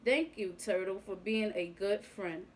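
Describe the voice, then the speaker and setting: A woman voicing a friendly male farm pig in a storybook read-aloud, warm and grateful. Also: medium pitch, unhurried, a little hiss or hum, natural voice.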